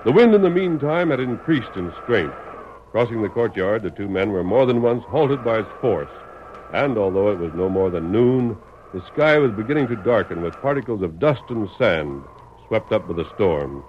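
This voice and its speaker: A man narrating a 1940s radio drama in a measured, dramatic way. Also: on the low side, expressive. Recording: dull old radio broadcast, faint hiss.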